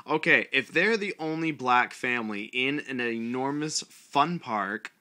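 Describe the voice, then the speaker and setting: Crude, sarcastic man with a bright voice. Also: medium pitch, lively intonation, a little slow. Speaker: vlogger. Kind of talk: mocking read-aloud commentary.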